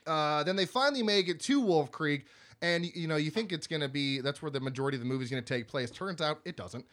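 A man with a slightly high voice talks through a movie plot in relaxed, swear-heavy podcast chat. He slips into quick impressions of the characters as he recaps, then carries straight on. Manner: loose and profane, acts out movie scenes. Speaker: podcast co-host. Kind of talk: casual movie review chat.

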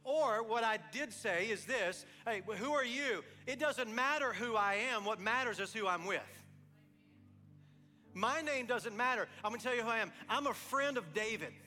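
Pastor, male, high bright voice, sermon in a reverberant hall over faint music; animated storyteller. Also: normal speed. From East Texas. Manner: animated storytelling, acting out both sides of dialogues, then quiet earnest appeal.

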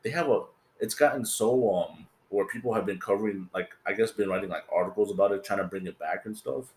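A podcast host from California speaks briskly in a fairly low, slightly mellow voice with a roomy sound. His casual chat rambles and is full of swearing, and he acts out what his friends said.

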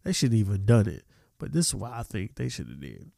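A man's voice: on the low side, big pitch swings, fairly quick, gravelly, warm tone, no room sound. Male podcast host, solo rant, profane and heated, dry close sound. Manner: profane, heated venting with restarts.

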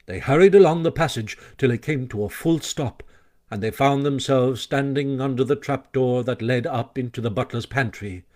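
A man reading a classic children's story aloud with expressive, animated narration. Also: mid-range voice, moderate pace. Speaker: audiobook narrator.

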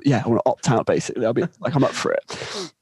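Brief: young man, fast animated storyteller, husky, dry close sound. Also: medium pitch, no room sound. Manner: animated, laughing, acts out voices. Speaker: podcast guest telling a story. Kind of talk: casual storytelling chat.

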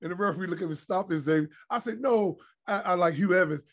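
Fast and high-pitched, with few pauses, a middle-aged man rattles off profane, blunt, animated stories. He's a retired pro basketball player appearing as a guest in a casual podcast interview.

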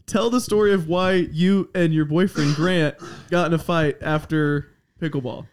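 A man's voice: fairly high pitch, normal speed, slight background noise. A man in his twenties hosting a casual podcast, teasing his guests and laughing often. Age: 20s. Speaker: podcast host. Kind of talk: casual chat.

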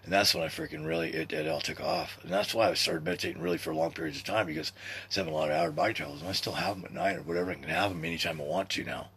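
A man in his sixties hosting a podcast, talking in a rambling, profane, animated monologue. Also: extremely low pitch, racing, slight background noise. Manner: rambling and profane, with excited swings in loudness. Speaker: podcast host.

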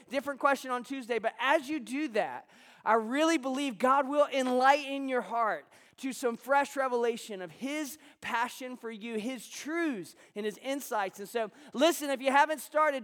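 A man's voice: very high voice, fairly bright tone, big-room sound. A male pastor preaching a sermon to a congregation at a church service, talking loosely and conversationally with restarts and asides to the room.

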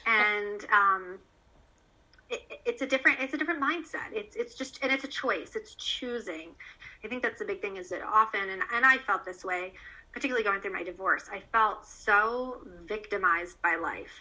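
Female interview guest, a mother; earnest, animated, loose with fillers; bright, tense tone. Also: medium pitch, moderate pace, rough recording. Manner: earnest, animated storyteller with many fillers and restarts. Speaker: guest, parent of a child cancer survivor. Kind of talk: candid conversational interview.

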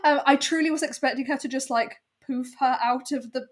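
Hesitant woman with a slightly high voice. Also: fairly even intonation, brisk. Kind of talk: casual chat reviewing a TV episode.

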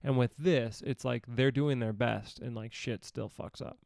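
A man's voice: medium pitch, fairly even intonation, unhurried, creaky, darkish tone, no echo, studio quality. A young man co-hosting a podcast, chatting casually and rambling about a TV show, swearing and teasing now and then. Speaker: podcast co-host. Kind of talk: casual chat reviewing a TV show.

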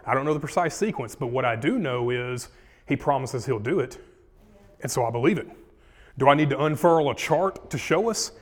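A man teaching a Bible study in a relaxed, conversational way, dropping in slang and checking in with "yeah?" and "right?". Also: mid-range voice, moderate pace, long reverb tail.

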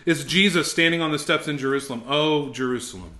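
A man's voice: fairly high pitch, fairly even intonation, quick pace, bright, forceful tone. A middle-aged man teaching a ministry school class on preaching, emphatic and intense, often repeating words as he restarts sentences. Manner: intense, emphatic, rising to fervent exhortation; frequent word repetitions and restarts.

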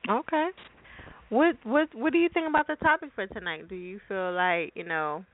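On a dry recording, a woman speaks at a moderate pace while hosting casual call-in radio, blunt, profane, and chatty. She imitates voices in high, squeaky tones, and the sound is tinny like a phone line, with music underneath.

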